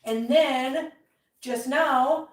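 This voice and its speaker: The woman's voice is high-pitched and very slow. As livestream host in her home kitchen, she's casual, chatty and emotional, pausing viewer chats to coo baby talk at her cats. The recording has a roomy echo, with her voice sounding far off.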